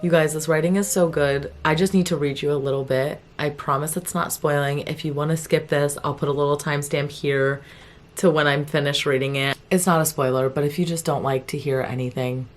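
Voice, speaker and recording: A young woman with a low-pitched voice talks straight to her viewers in a casual, chatty way. She is animated and laughs often as she reacts to what she is reading. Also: fairly quick, soft background music. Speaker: book vlogger. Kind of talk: casual chat to camera.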